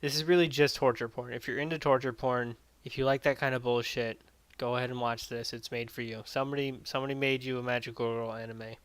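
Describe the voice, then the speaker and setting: A man's voice: mid-range voice, fairly even intonation, fast, a bit bright, clean tone, no echo. A man giving a blunt, exasperated casual spoken review of an anime. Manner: blunt and exasperated, retells plot with quoted voices.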